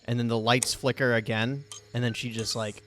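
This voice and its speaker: A man's voice: medium pitch, level tone, moderate pace, a bit bright, slight background noise. A man narrating as game master, hesitant and filling with "like" and "um". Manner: hesitant, full of "like" and "um".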